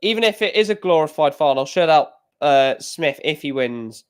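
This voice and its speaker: Excitable high-voiced man reacting live. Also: moderate pace, clean tone. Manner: rambling, excitable, gets emotional about football. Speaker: live stream reaction host. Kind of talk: casual live reaction commentary.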